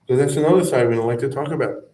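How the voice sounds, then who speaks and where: Speaking very fast in a warm, mid-range male voice, a man teaches a rabbinic class conversationally. He chants verses and then explains them, with frequent asides, in an informal explanatory lecture. The recording has an echoey room and a far-off mic.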